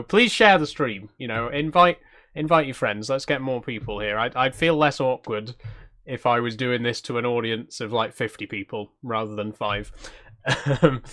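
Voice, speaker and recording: A man's voice: medium pitch, a bit bright. Chatty self-deprecating male streamer. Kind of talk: live stream gameplay commentary.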